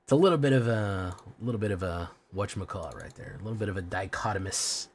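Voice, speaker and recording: A man's voice: sits low, lively intonation, fast, slight background noise. A man streaming a card game, chatting casually with viewers in a rambling, profane way. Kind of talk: casual live-stream chat.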